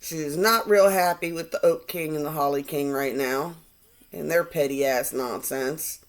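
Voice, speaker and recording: Lady rambling through a tarot reading, kinda low voice, mocks folks she quotes. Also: measured pace. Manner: animated, quotes people in mocking voices. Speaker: tarot reader. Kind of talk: casual channeled tarot reading.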